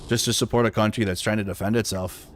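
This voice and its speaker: A man's voice: lowish voice, fairly even intonation, fast, slight background noise. A man hosting a live news commentary stream, talking bluntly and with profanity. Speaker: livestream news host.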